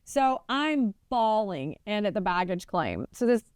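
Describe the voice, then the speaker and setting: A woman co-hosting a podcast, telling a story in a rambling, animated way. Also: mid-range voice, unhurried, clean tone, no echo, clean studio sound. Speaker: podcast co-host. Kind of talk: casual storytelling.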